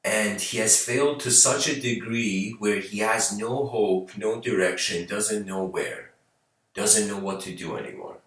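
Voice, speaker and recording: Male host telling a story as a rambling lecture, low voice, bright tone. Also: measured pace. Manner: rambling, hesitant, many fillers and restarts. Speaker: channel host giving a talk. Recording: very echoey room, far from mic.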